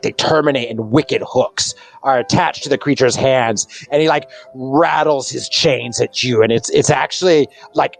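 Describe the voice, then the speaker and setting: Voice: medium pitch, creaky. Rambling game master describing a scene. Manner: rambling, many fillers and restarts. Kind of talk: narrating a tabletop game.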